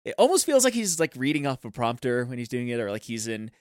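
Male podcast co-host, mid-pitched, rambling casual talk, dry sound. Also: sing-song, quick pace, dry recording. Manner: loose and rambling, heavy use of "like". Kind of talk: casual movie discussion.

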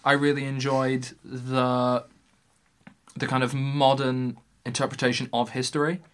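A young man co-hosting a casual film chat, speaking in an earnest, measured way. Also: medium pitch, level tone, smooth. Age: young adult. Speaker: co-host.

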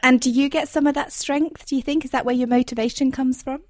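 A woman's voice: high voice, fairly even intonation, fast, no echo, studio quality. A woman hosting a podcast interview, chatty and effusive, often restarting her questions. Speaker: podcast host. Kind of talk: casual interview chat.

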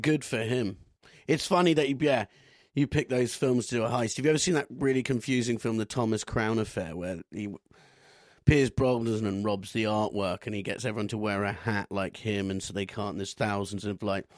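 A man's voice: lowish voice, dry recording, clean studio sound. A man co-hosting a podcast, chatting casually and telling anecdotes with comic voices. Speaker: podcast co-host. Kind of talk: casual chat.

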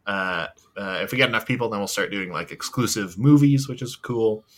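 Low-voiced man rambling on a podcast. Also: brisk. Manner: rambling, many fillers, swears. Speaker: podcast co-host. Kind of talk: casual podcast chat.

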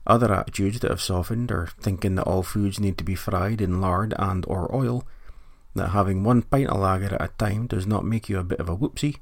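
Wry Scottish man with a gravelly low voice. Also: a little fast, no room sound. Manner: dry, wry joking delivery. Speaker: podcast host. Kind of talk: comic storytelling monologue.

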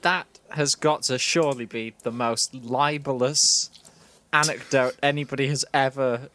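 A man's voice: medium pitch, steady tone, a little slow, pushed and bright. A man co-hosting a comedy podcast, teasing his partner and sounding incredulous in casual banter. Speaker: podcast co-host.

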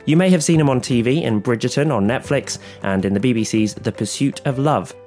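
A man's voice: mid-range voice, brisk, a little mellow, faint music behind. A man hosting a podcast interview, nasal from a cold, chatty and enthusiastic. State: has a cold. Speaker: podcast host. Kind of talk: conversational interview.

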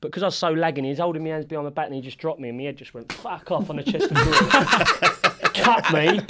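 Brief: man, ex-footballer co-host, bit higher voice, cheeky storyteller who swears and laughs through his tales. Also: sing-song, quick pace, heavy background noise. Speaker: regular co-host, former footballer. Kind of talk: casual banter, anecdote telling. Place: studio.

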